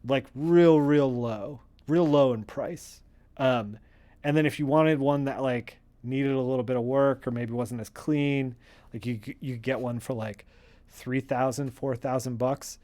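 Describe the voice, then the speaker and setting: A man streaming as he colors comic art, chatting casually in a rambling, excitable way with many fillers. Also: mid-range voice, measured pace. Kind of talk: casual livestream chat.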